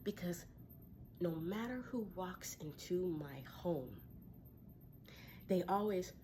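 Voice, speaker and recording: A woman with a fairly low voice speaks reflectively and encouragingly as a tarot reader, pausing to sigh or laugh softly. A faint hum of ambience sits behind her. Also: expressive. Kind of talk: casual spiritual talk to viewers. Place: her home.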